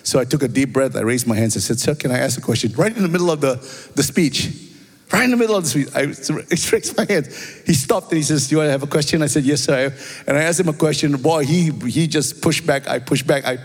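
A pastor with a Singaporean accent, preaching a sermon and telling stories, often asking "amen?" and "right?". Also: male voice, fairly high pitch, brisk, slightly rough. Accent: Singaporean English. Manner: storytelling, animated, repeats phrases, asks "amen?" and "right?". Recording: long reverb of a large hall.

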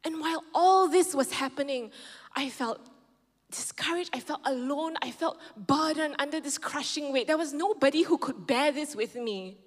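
A woman's voice: high-pitched, normal speed. A woman pastor preaching a sermon, telling a personal story and quoting others in changing tones. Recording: long reverb of a large hall.

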